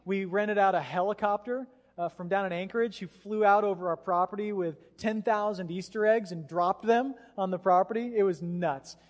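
A male pastor preaching a sermon, telling a story in an animated way and acting out what people said. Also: high-pitched, normal speed, hardly any pauses. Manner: animated storytelling with acted-out quotes. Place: church sanctuary. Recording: long hall reverb in a church.

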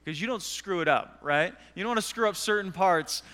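A man preaches from the stage of a church sanctuary, telling self-mocking stories with lively energy. His voice sits high and sounds smooth and clear. A long reverb from the hall trails behind each phrase. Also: brisk. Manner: animated, self-deprecating storyteller. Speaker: pastor. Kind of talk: sermon storytelling.

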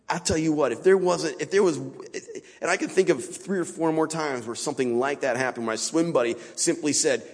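A guest preacher in a church sanctuary delivers a casual, conversational sermon in plain language. He speaks at a moderate pace with a fairly high voice, and the big hall adds a long reverb.

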